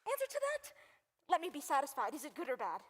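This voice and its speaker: Juliet, very high eager girl played by a woman. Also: wildly swooping pitch, fast. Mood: eager, impatient. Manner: pleading, breathless urgency. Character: impatient young girl in love, eager. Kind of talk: Shakespeare stage reading. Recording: long reverb on live stream.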